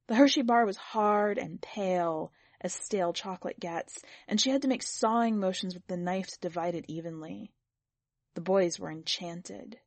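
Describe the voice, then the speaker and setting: A woman editor reading a short story aloud in even, measured narration. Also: lowish voice, no echo. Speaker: podcast editor and story reader. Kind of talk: scripted narration.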